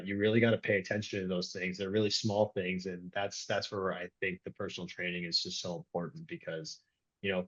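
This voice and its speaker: Low-voiced man, rambling, muffled audio. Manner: rambling, with frequent restarts and "like" fillers. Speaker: strength and conditioning coach, podcast guest. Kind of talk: casual conversational interview.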